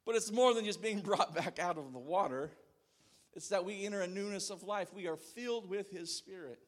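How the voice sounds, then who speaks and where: A man in his thirties preaching a sermon to a congregation in a church, animated and shouting out quoted calls. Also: sits high, moderate pace. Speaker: pastor.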